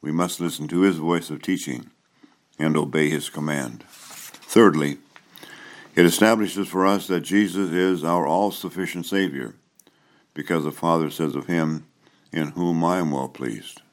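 A male pastor preaching and then leading confession, absolution and prayers in a solemn, measured way. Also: low-pitched, fairly even intonation. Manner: solemn, measured liturgical delivery. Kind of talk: sermon and liturgy.

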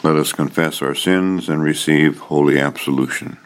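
A male pastor leading a church liturgy of prayer, confession and absolution, in a slow, measured liturgical cadence. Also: very deep voice. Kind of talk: liturgy and scripture reading.

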